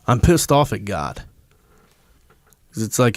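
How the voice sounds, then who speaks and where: A man's voice: lowish voice, sing-song, takes it slowly, long pauses, no echo, studio quality. A man, a podcast guest, telling a story in a casual, blunt and emphatic way, swearing freely.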